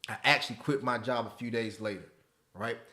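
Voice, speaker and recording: A man in his thirties hosting a live webinar, talking in an animated, preachy way that repeats phrases and keeps asking "right?" and "okay?". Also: medium pitch, brisk. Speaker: webinar host teaching stock options. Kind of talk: live webinar talk, motivational.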